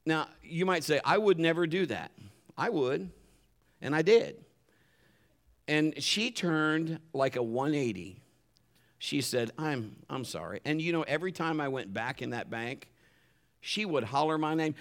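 A man's voice: on the high side, animated, a little slow, gravelly. A pastor preaching a sermon in a conversational way, acting out the voices he quotes.

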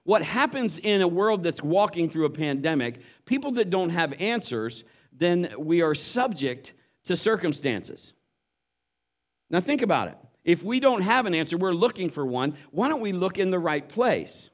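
A man's voice: high-pitched, very animated, normal speed. A man preaching a sermon, telling a story and acting out the voices of the people in it. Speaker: pastor.

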